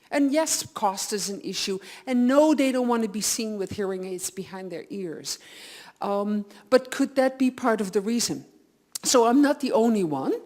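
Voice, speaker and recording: A woman audiologist from the Netherlands giving an energetic, blunt talk to hearing care professionals in a lecture hall, often acting out what her patients say. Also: a little high. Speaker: audiologist, conference speaker. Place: lecture hall with a live audience.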